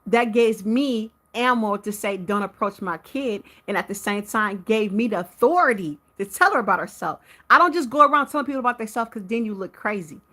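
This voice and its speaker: A woman hosting a live stream, telling her viewers about a dispute with a neighbor in a heated, animated way and talking to them directly. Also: on the high side, a little fast, few pauses. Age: adult with a teenage son. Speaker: livestream host.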